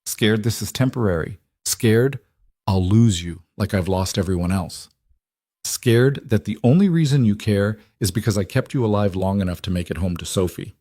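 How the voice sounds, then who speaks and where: A man's voice: fairly low pitch, normal speed, dark tone, no echo, studio quality, natural voice. A man voicing a wary, wounded young woman who survived a crash, speaking in a hesitant, vulnerable way.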